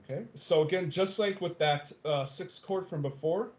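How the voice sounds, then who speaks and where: A man's voice: fairly high pitch, moderate pace, a little mellow. A male music theory teacher giving an online class lecture, explaining step by step with many okays and ums and checking that students follow. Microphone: video call. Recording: dull lo-fi video-call audio.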